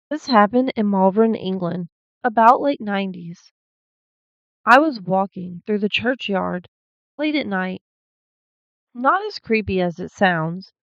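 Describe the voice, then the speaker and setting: A woman's voice: medium pitch, clean tone, no room sound. A woman hosting a channel, reading paranormal stories aloud and breaking in with blunt, swearing asides. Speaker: host. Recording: slightly dull lo-fi recording.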